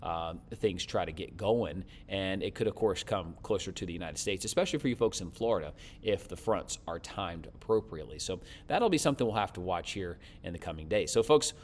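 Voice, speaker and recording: A man's voice: deep voice, expressive, brisk, few pauses, a little mellow, a little hiss or hum. Weatherman reading his comments, friendly casual guy, keeps thanking folks. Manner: friendly, chatty, thanks viewers often. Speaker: weather forecaster.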